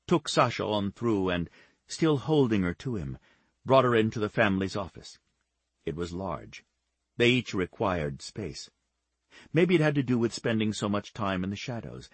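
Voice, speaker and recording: Husky low-voiced male audiobook narrator. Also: dry recording. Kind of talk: scripted narration of a romance novel.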